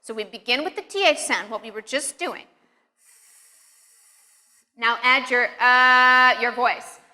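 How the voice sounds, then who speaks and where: A woman teaching English pronunciation, speaking words slowly and with exaggerated care, and praising the learner between drills. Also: a little high, expressive, sharp tone. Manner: slow, exaggerated drills with clear encouragement. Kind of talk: pronunciation lesson. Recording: long hall reverb.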